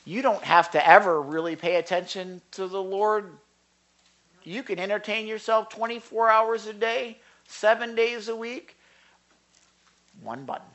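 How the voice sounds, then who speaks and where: A man teaching from the Bible in a conversational sermon, earnest, swinging from loud rhetorical questions to hushed asides. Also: high voice, unhurried.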